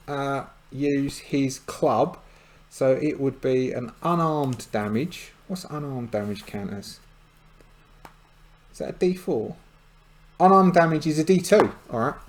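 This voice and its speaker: A man's voice: mid-range voice, darkish tone. A man narrating a solo tabletop game, rambling and hesitant with many fillers and side remarks.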